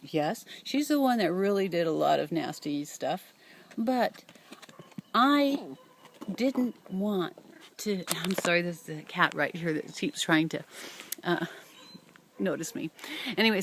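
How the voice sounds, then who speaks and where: A woman's voice: medium pitch, slight background noise. An older woman running a cat rescue, telling a personal story in a reflective, hesitant way with many fillers and restarts.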